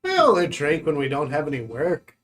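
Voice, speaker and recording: A tabletop player speaking in character, playful and needling in the banter. The voice bounces through a wide pitch range. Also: wildly swooping pitch, fairly quick, fairly bright tone. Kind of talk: in-character tabletop role-play.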